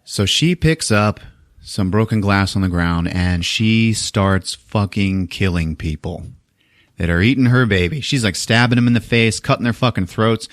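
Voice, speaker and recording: A man hosting a podcast, retelling a film plot in casual, profane, animated detail. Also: on the low side, normal speed, no echo, clean studio sound. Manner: animated, profane storytelling with acted quotes. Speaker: podcast host. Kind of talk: casual movie recap.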